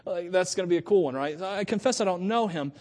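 High, lively male preacher. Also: fast talker. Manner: lively, conversational, laughs often, acts out quotes. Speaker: pastor. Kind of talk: sermon.

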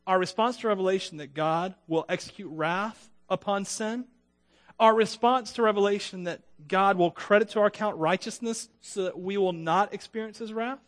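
A man preaching a sermon, conversational and lively, acting out the voices of the people in his text and joking with his listeners. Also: high-pitched, normal speed. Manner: animated, acts out biblical voices. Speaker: pastor.

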